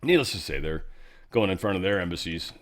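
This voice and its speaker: A middle-aged man with a fairly low voice hosts a loose talk show. He rambles, slips into sarcasm and keeps stumbling and restarting his sentences as he mixes opinion with a product pitch. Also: animated, fairly quick. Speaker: host.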